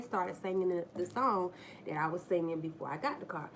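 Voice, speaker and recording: A woman's voice: fairly low pitch, brisk, a little hiss or hum. A woman hosting a casual livestream, telling stories straight to her viewers in a blunt, profane way and acting out the people in them, on a phone mic. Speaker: livestream host. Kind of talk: casual live-stream storytelling.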